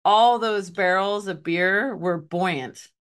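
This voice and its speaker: A woman's voice: mid-range voice, slow, smooth. Chatty woman telling a story with laughs. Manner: chatty, laughs often, many "like" fillers. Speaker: podcast co-host telling a story. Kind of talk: casual storytelling chat.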